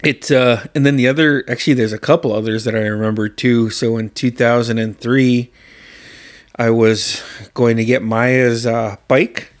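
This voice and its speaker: A man's voice: medium pitch, fairly even intonation, normal speed. Swearing, laughing man telling stories. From southeast Alaska. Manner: swears freely, acts out quotes loudly, laughs often. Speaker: podcast co-host. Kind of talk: casual storytelling chat.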